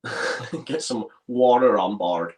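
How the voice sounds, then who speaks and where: A man's voice: on the low side, slow. A man co-hosting a football fan watchalong, chatting casually and calling the play as it happens. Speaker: co-host of a fan watchalong stream. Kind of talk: casual live match chat with commentary. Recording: roomy echo.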